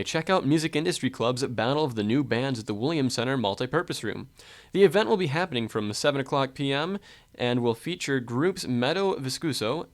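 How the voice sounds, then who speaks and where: A young man reading local campus news on student radio in a cheerful, announcer-like way. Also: mid-range voice. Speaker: news presenter. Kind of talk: scripted radio news read. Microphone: studio mic.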